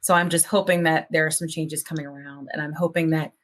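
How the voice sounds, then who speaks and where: A woman's voice: low-pitched, steady tone, fast, fairly bright tone. A woman hosting a podcast, talking casually in long, earnest, hopeful run-on thoughts. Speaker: podcast host.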